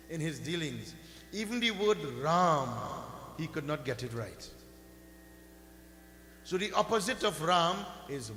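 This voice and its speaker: A man delivers a sermon at a very unhurried pace, his tone bright and ringing. His voice booms through a large hall with a long reverb tail and a faint hum underneath. He draws out key words and now and then chants a mantra. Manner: slow, rising and falling emphatic delivery, chanting mantras. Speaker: pundit giving a religious discourse. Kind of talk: sermon storytelling.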